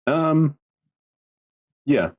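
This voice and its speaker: A man's voice: on the high side, big pitch swings, very slow, lo-fi sound, soft background music. A man running a tabletop game as dungeon master, narrating hesitantly with many fillers and restarts.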